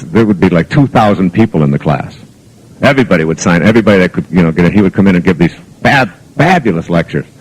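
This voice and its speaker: A man's voice: low voice, a little mellow, husky, rough recording. A man giving a spoken lecture to an audience as a motivational speaker, telling anecdotes in an earnest, reflective way with plenty of fillers. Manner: rambling anecdotal storytelling with fillers.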